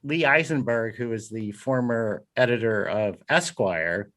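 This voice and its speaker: A man's voice: medium pitch, unhurried, a bit bright. A man co-hosting an interview podcast, chatting casually with hesitant, self-deprecating jokes. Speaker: podcast co-host.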